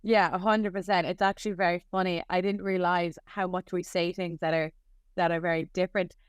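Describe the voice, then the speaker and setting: A woman's voice: on the low side, little pitch movement, a little fast, clear, resonant tone, no echo, highs cut off. A young adult Irish woman, a nurse, chatting casually in an interview with lots of filler words. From Ireland. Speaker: nurse guest.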